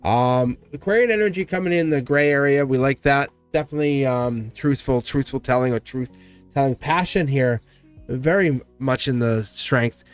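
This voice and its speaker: A man's voice: mid-range voice, normal speed, smooth, faint music behind. A man giving a casual live-stream tarot reading. He rambles, laughs often, and chats directly with his viewers. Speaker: tarot reader.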